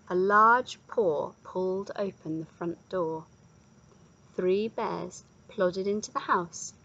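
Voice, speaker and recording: Woman reading a kids story, bright gravelly voice, very lively. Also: medium pitch, rough recording. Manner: animated, expressive.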